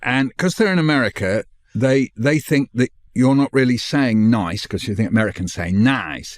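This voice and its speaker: An older man, a guest on the show, telling a lively anecdote and acting out the voices of the people in it. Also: mid-range voice, moderate pace, no echo, clean studio sound. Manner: animated, acts out voices in his stories. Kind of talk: anecdotal storytelling.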